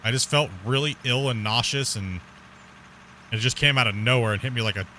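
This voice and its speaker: A man's voice: medium pitch, a little fast, sharp tone, a little hiss or hum. Rambling man chatting on a game stream. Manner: rambling, laughs often, swears casually. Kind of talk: casual chat during a live gameplay stream.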